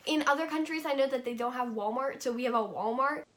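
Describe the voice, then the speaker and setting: A chatty young woman from North Carolina rambles through a casual vlog, peppering her talk with likes and okays. Her voice sits a little higher than most women's. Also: quick pace, fairly bright tone. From North Carolina, USA. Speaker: vlogger.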